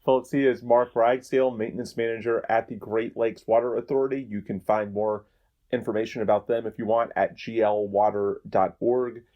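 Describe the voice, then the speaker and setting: A man's voice: fairly low pitch, steady tone, normal speed, muffled recording. A man hosting a podcast, wrapping up in a conversational, rambling way. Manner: conversational, rambling, restarts mid-phrase. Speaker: podcast host. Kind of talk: podcast outro, casual talk.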